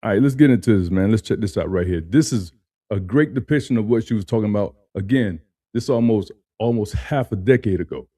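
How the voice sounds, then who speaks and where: Low, mellow-voiced man in slangy reaction talk. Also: fairly quick, dry recording, clean studio sound. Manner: loose, slangy, repeats phrases, adds "man" often. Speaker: host reacting to a video. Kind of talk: casual reaction commentary.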